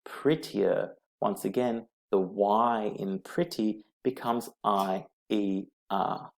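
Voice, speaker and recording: A male English teacher works through grammar slides at an unhurried pace. His voice has a gravelly, fry-edged texture, and he spells out each rule letter by letter with patient repetition. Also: fairly low pitch, fairly even intonation. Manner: slow, patient, repeats rules letter by letter. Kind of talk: slide-based grammar lesson.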